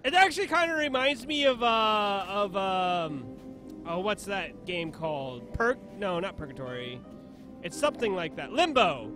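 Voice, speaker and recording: A man's voice: high voice, expressive, measured pace, over music. A playful young man giving casual commentary while playing a video game, often laughing and reading the game's lines aloud in put-on voices. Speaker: let's play host.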